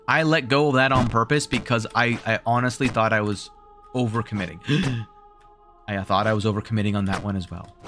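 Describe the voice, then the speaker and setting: A man's voice: medium pitch, bright, forceful tone. A man with a Southern drawl giving live gameplay commentary, thinking aloud in rambling self-talk, his voice wearing out. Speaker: streamer.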